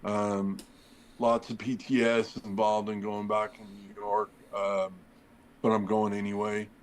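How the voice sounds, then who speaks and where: Poor audio with a little hiss or hum carries a man's low-ish, monotone, unhurried voice. He's a middle-aged former firefighter on a podcast, telling a long, wandering story in a casual way, acting out the quoted dialogue and using many fillers.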